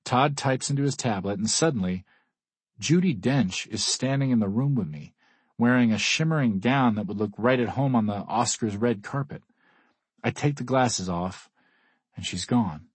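A man narrating a first-person audiobook in a measured, even manner. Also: mid-range voice, breathy edge, no echo.

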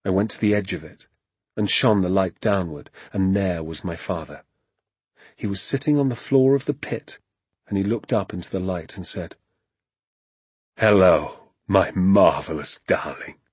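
Man reading a storybook, hushed and suspenseful, lowish voice, dry close sound. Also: moderate pace, slightly rough, no room sound. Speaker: narrator. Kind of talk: storybook narration.

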